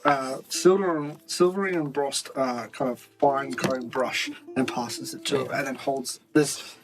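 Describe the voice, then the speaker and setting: A man's voice: mid-range voice, fairly even intonation, a little slow, low-quality recording. A man narrating a tabletop game as game master, loose and chatty with many fillers. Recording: music playing behind.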